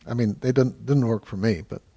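A man teaching meditation, answering questions in a calm, measured way with frequent hesitant fillers. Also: mid-range voice. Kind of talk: dharma talk Q&A.

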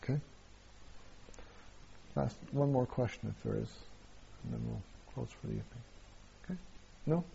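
A man, a meditation teacher, answers questions at a retreat in a halting way, with many fillers and restarts and frequent chuckles. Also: medium pitch, vocal fry, warm tone, muffled recording, a little hiss or hum.

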